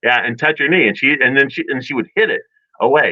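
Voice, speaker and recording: A man's voice: medium pitch, quick pace, no room sound, lo-fi sound. Rambling storyteller man on radio. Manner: rambling, animated storyteller acting out family quotes. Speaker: radio show co-host. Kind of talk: casual storytelling chat. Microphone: studio microphone.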